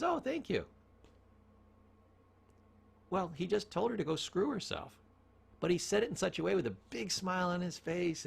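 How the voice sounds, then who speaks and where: A man giving a motivational talk on communication, telling stories and asking rhetorical questions. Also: on the high side. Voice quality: gravelly, husky voice. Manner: storytelling, asks rhetorical questions, varies tone for emphasis. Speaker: speaker on communication.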